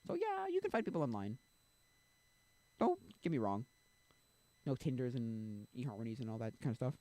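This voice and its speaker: A young man chats on his live stream, wandering from point to point and often losing his thread. His voice sits at an ordinary middle pitch. The sound is dry and close, with no room echo. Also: sing-song, normal speed, mellow. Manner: rambling, loses his train of thought. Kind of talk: casual chat.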